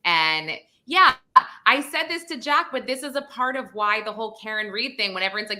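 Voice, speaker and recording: A woman's voice: fairly high pitch, expressive, a little fast, sharp tone. A woman hosting a podcast, chatting casually over a video call with many fillers. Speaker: podcast host.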